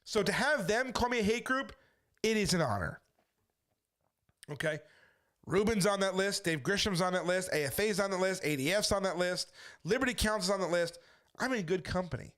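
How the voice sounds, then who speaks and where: A man's voice: high voice, expressive, normal speed, fairly bright tone. A man talking to camera as a street preacher, defensive and storytelling, acting out the people he quotes. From United States. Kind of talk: casual monologue to camera.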